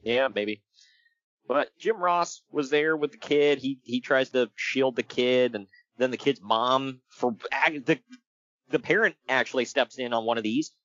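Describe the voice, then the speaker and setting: A wrestling-review podcast co-host with a mid-range voice and measured pace tells animated stories in casual chat, laughing often. The audio is lo-fi with no echo.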